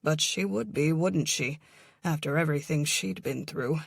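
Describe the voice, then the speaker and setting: A woman's voice: low voice, normal speed, gravelly, husky, dry recording, clean studio sound, full character voice. A woman voicing a theatrical, effusive male drama teacher in his mid-thirties, read in an audiobook.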